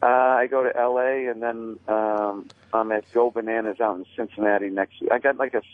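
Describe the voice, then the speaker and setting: A man telling stories in a casual chat, deadpan and self-mocking, calling in as a comedian guest. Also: mid-range voice, brisk, no room sound. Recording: dry tinny phone line.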